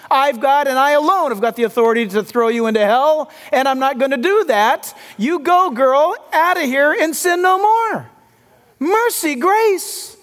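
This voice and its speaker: A pastor preaching a sermon with animated delivery, acting out the voices of the people in his story. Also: very high-pitched. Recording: long hall reverb.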